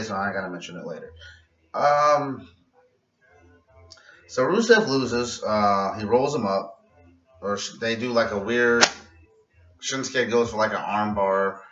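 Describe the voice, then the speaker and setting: Rambling, profane wrestling vlogger, bright voice. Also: male voice, fairly low pitch, distant mic. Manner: rambling, profane, laughs at his own jokes. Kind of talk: casual recap and commentary. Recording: roomy, muffled and off-mic.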